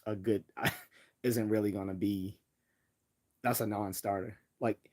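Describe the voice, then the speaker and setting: Hesitant American man, low voice. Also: steady tone, takes it slowly, a little mellow. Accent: General American. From Northeastern United States. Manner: hesitant, many restarts and fillers. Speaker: livestream host. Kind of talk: casual livestream chat.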